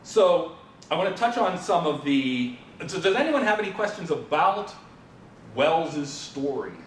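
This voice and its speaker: A man's voice: animated, a little slow. A man giving an informal conference presentation, talking the audience through a story and asking them questions. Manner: informal lecturing with fillers, asks the audience questions. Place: presentation room at a symposium. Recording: roomy, from a distant mic, faint rumble.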